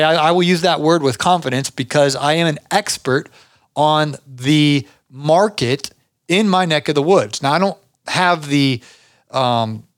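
Speaking on the high side, this middle-aged Georgia man hosts a podcast and wanders through casual business tips, chatting freely and restarting often. The audio has studio quality and no echo.

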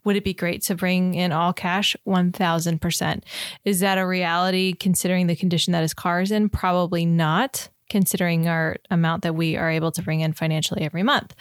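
A woman's voice: fairly low pitch, no room sound, studio quality. A woman co-hosting a casual podcast with her husband, laughing often and explaining money choices in a practical way. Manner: laughs often, talks things through with practical reasoning. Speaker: podcast co-host. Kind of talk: casual chat.

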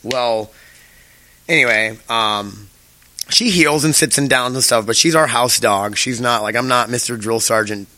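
A man's voice: medium pitch, measured pace, bright, forceful tone, no echo. Young dude rambling on his podcast, cussing a lot, dry close sound. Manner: rambling, swears freely, many fillers. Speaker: podcast host. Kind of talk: casual solo podcast chat.

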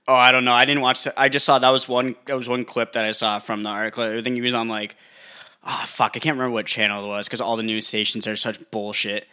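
A man's voice: mid-range voice, level tone, fast, bright, forceful tone, clean tone. A man co-hosting a casual chat, rambling and making crude jokes.

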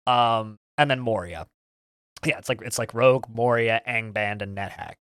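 A podcast co-host chats casually and enthusiastically about video games, rambling and often stammering into restarts. His voice is on the low side, a bit bright and smooth, at normal speed, in a dry, studio-quality recording.

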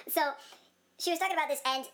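A woman's voice: high-pitched, fast talker, fairly bright tone. A young woman in casual chat, rambling with many fillers and laughing often.

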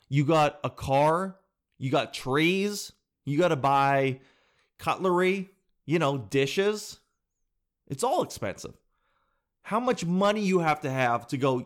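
A man's voice: a little high, measured pace, pauses often. A man hosting a reaction video, talking casually and animatedly to his viewers and laughing often. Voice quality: animated, laughing, addresses viewers as guys and dude.

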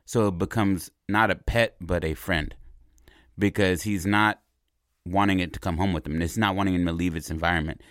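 A man casually pitching a movie idea as a long story, rambling and animated, repeating words and checking in with "right?". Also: moderate pace, no echo, studio quality.

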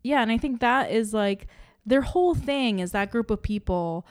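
Chatty animated woman on a dry mic. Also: fairly high pitch, moderate pace, dry recording. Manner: animated, chatty, lots of fillers. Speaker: podcast co-host. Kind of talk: casual chat.

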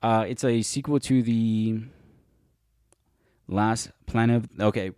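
A young man talks casually about upcoming films in a fairly low voice. He rambles, stops to fix his slips and loses names along the way. The sound is dry and close, with no room echo. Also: fairly even intonation, takes it slowly, darkish tone, clear, resonant tone. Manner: rambling, often corrects himself and loses names. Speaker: podcast co-host. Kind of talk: casual movie podcast chat.

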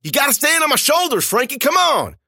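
A man's voice: extremely high pitch, very animated, brisk, no echo, clean studio sound, voice pushed up, heavily acted. A man voicing brash frantic young woman. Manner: brash, shouting, rough-spoken. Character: tough young woman in panic, a seasoned monster hunter.

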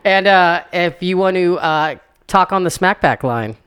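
A man's voice: sits high, animated, a little slow, a bit bright, smooth. A young man co-hosting a podcast in casual chat, rambling, restarting sentences and laughing often. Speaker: podcast co-host.

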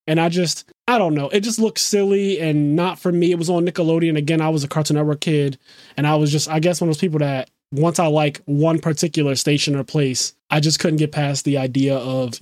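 A man chatting casually and excitedly, swearing freely and laughing often. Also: on the high side, dry recording, clean studio sound. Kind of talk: casual podcast chat.

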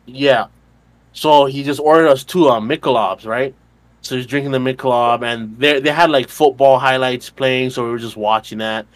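Mid-range in pitch, steady in tone and speaking at normal speed on a recording with no echo, this twenty-something podcast co-host recounts a night at a bar. His telling is rambling, profane, full of fillers and punctuated by laughter.

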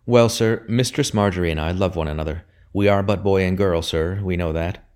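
A man's voice: low voice, brisk, a little mellow, clear, resonant tone, lightly acted. A man reading aloud as a defiant young son, earnest and then stiffly formal. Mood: pleading. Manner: earnest pleading, then cold stilted formality.

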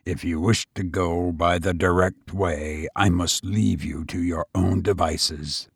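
A man voicing a crafty storybook jailer who talks quietly and in a measured way. The voice is very deep and slow, with a husky edge. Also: fairly even intonation, no room sound, clean studio sound, exaggerated voice. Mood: cautious. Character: cautious, crafty male castle jailer.

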